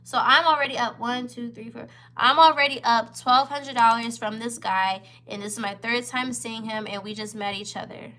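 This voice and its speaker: A young woman in her twenties chats on camera in a casual storytime vlog. Her voice sits a little high and sounds bright and forceful. She talks candidly to her viewers and repeats herself for emphasis. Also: fairly even intonation, normal speed, few pauses. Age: 20s. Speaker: vlogger.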